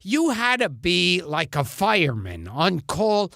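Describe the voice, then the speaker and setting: A man's voice: sits high, huge pitch swings, slow, vocal fry, sharp tone, no room sound, studio quality. A man telling comic show-business anecdotes in casual chat, stammering and restarting as he acts out quotes. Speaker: comedian guest.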